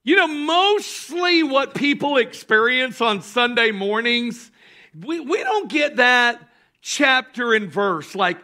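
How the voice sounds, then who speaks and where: A pastor with a very high, bright, ringing voice delivers a sermon at an unhurried pace. He leans hard on key phrases, breaks into shouts for emphasis, and calls on the crowd to say lines back to him. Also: expressive. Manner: emphatic preaching, bursts of shouting; calls on the congregation to respond.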